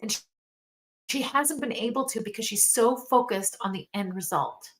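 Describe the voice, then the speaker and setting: A woman's voice: fairly high pitch, moderate pace. A middle-aged woman coach giving an earnest motivational talk, telling a family story and speaking straight to her listeners. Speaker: mentorship coach.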